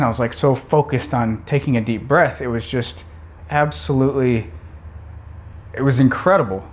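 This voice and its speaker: Excited rambling young man vlogging. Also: medium pitch, moderate pace. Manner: rambling and excited, many restarts. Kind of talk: casual vlog talk to camera.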